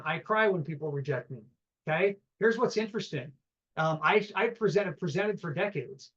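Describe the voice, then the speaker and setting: High-voiced guy teaching a seminar, quick and animated, acts out phone calls, kinda muffled lo-fi sound. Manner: asks the room questions. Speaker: real estate trainer.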